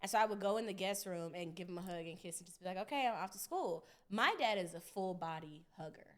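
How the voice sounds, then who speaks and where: A young woman hosting a podcast, telling a story in a casual, animated, profane way, often laughing. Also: fairly low pitch, quick pace. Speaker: podcast host.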